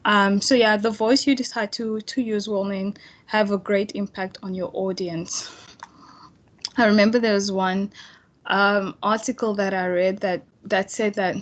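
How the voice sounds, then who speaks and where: A woman's voice: mid-range voice, fairly even intonation, a little slow. A young adult woman teaching an online tutorial in a chatty, casual way, full of fillers and restarts. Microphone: computer mic on video call.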